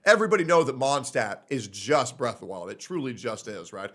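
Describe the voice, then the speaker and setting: A young man streaming his reactions, blunt and profane in his opinions. His voice is bright and forward, swinging widely in pitch as he rants. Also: very animated, brisk. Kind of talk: casual reaction commentary.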